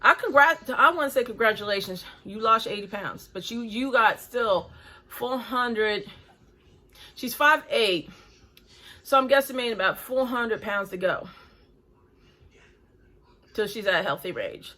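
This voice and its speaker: A woman's voice: a little high, expressive, unhurried, pauses often, sharp tone. A woman in her forties hosting a reaction video, talking bluntly and critically in casual chat while breathing hard. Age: 40s.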